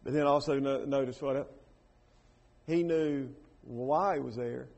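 A man preaching a sermon. He repeats words, asks the congregation questions and swings between hushed lines and loud raised bursts. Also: mid-range voice, unhurried, vocal fry.

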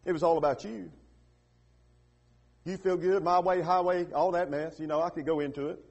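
A man preaching a sermon in a church, building from quiet, hushed passages to loud, emphatic peaks with repeated rhetorical questions. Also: high-pitched, steady tone, moderate pace. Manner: repetitive call-and-response questioning. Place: church with radio and online broadcast.

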